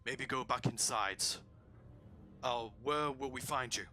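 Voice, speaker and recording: A man voicing a dutiful, wary male orc guard who talks in short, halting bursts. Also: mid-range voice, pushed and bright, slight background noise. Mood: urgent. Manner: hesitant, halting speech with restarts.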